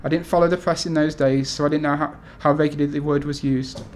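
A man's voice: on the high side, fairly even intonation, fast talker, a little hiss or hum. A man in his thirties from the UK, an author talking to an event audience with many ums and restarts, then reading his essays aloud. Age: 30s.

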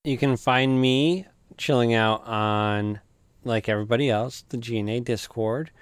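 A man's voice: mid-range voice, unhurried, clear, resonant tone, no room sound. A man, a podcast guest, chatting casually and listing where to find him. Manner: relaxed, spells out handles. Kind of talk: casual chat.

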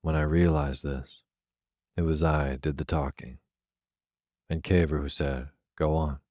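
A man reading a classic novel aloud as a soft, unhurried bedtime story. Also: rumbling low, dry recording, clean studio sound. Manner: soft, even, unhurried delivery. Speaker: narrator. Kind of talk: slow, soothing sleep-story reading.

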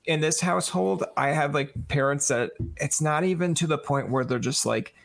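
Man, podcast host, casual chat, animated, acts out quoted voices. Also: on the high side, moderate pace, gravelly.

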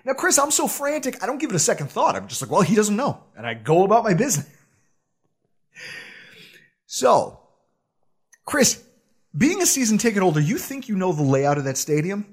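A man co-hosting a podcast, telling a self-deprecating story in a casual, animated way with frequent laughs. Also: high-pitched, moderate pace, pauses often, breathy edge. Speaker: podcast co-host.

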